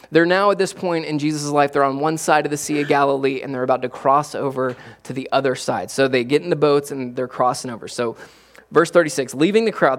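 Man, middle-aged, pastor, sermon, animated, fairly high voice. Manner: animated preaching with big swings from quiet to loud.

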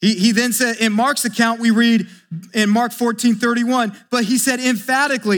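A man, a pastor, preaching a sermon, animated as he acts out scripture dialogue and drops into quiet asides. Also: very high-pitched, moderate pace, big-room sound.

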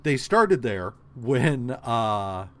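A man's voice: medium pitch, big pitch swings, extremely slow, a bit bright. A man co-hosting a podcast, retelling a comic story in casual chat with many fillers and restarts. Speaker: podcast co-host.

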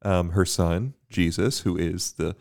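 A man, a priest co-hosting a podcast, talking in a relaxed, thoughtful way with frequent fillers and easy laughs. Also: low voice, measured pace, creaky. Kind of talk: casual faith podcast chat.

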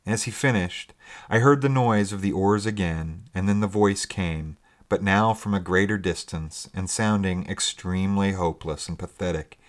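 A man narrating a story in a measured, steady reading. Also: low-pitched.

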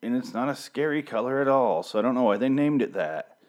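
A man's voice: medium pitch, animated, brisk, a little mellow. A man in his thirties hosting a solo review show into a studio mic, rambling and irreverent, with frequent swearing. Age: 30s. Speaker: podcast host reviewing a TV show. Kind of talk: casual, profane solo commentary. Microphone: studio mic with pop filter.

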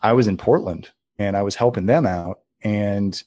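A lower-pitched man chats through behind-the-scenes stories in an animated, rambling way, leaning on filler words. The sound is dry and close. He talks casually as an interview guest. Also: moderate pace, dry recording. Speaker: filmmaker guest.

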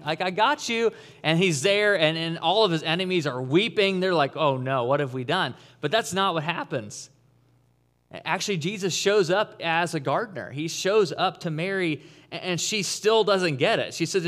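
A man preaching an Easter sermon in a conversational, animated way, acting out the people he quotes. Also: fairly high pitch. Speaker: pastor.

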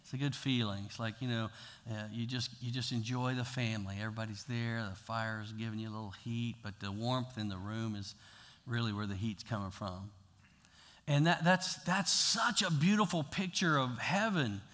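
A pastor preaching a sermon in a casual, talky way, swinging from loud to hushed. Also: male voice, mid-range voice, moderate pace. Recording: long hall reverb.

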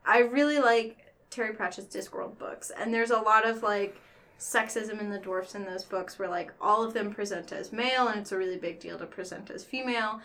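A woman's voice: medium pitch, moderate pace, fairly bright tone. A woman tabletop player chatting casually, filling her talk with "like". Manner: chatty, lots of filler "like". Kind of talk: casual podcast chat.

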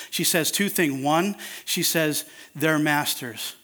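A man's voice: fairly high pitch, unhurried, hardly any pauses, pushed and bright. A man preaching an earnest, conversational sermon that turns emphatic at times.

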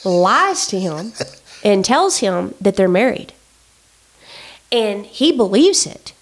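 A woman telling a story in casual chat, animated and indignant, with many fillers. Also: mid-range voice, slow, a little hiss or hum.

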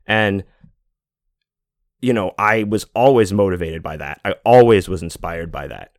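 A man's voice: deep voice, measured pace, no echo, clean studio sound. A man in his forties hosting a podcast, talking in a rambling, casual monologue full of fillers, restarts and swearing. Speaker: podcast host.

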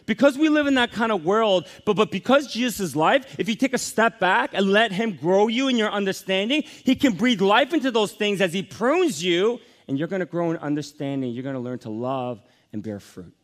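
Man, pastor, forties, emphatic sermon, high voice, very lively pitch. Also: fairly quick, hardly any pauses. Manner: emphatic preaching that swings from soft lows to rising, energetic highs.

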